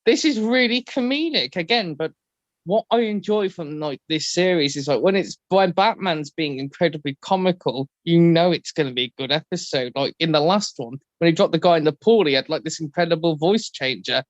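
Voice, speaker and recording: A man's voice: fairly quick, no room sound, highs cut off. A man co-hosting a casual podcast discussion, rambling and acting out quotes. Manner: rambling, acts out quotes in high voices. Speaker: podcast co-host.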